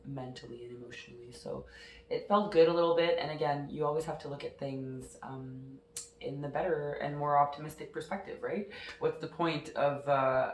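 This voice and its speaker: A woman with a congested, nasal voice and a sore throat from a cold, calmly guiding a meditation. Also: low voice. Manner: calm, slow, soothing instructions. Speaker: massage therapist guiding a meditation. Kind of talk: casual chat into a guided meditation. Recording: echoey room.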